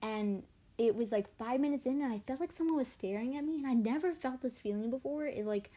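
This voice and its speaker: A woman's voice: high voice, brisk. Chatty young woman rambling on stream. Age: late teens. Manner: rambling, self-deprecating storytelling; chatty and animated, voice swinging up and down. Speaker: artist livestreamer. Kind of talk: casual livestream chat while drawing.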